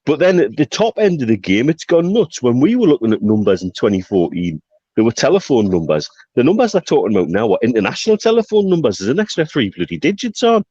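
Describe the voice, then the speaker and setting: A man's voice: mid-range voice, very animated, fast, mellow, slightly rough, dry recording, dull audio. A man talking football business in a casual podcast chat, emphatic and repeating himself when he presses a point. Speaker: podcast co-host.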